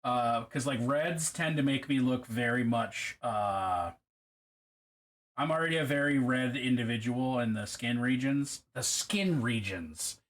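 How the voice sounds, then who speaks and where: A man's voice: medium pitch, a little slow, a bit bright. A man casually chatting with his live-stream audience while painting miniatures, rambling, swearing and joking about himself. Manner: rambling, self-deprecating, profane.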